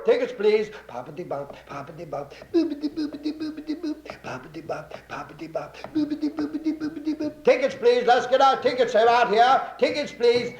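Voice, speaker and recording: Male comic doing a rhythmic, sing-song train conductor with scat patter, high and lively, old echoey live tape. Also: moderate pace. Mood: brisk. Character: bustling male train conductor calling stations. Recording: echoey 1950s live recording.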